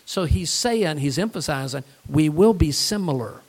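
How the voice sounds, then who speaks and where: A man preaching a sermon as pastor, animated, mixing scripture reading with jokes and acted-out voices. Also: a little high, normal speed, husky.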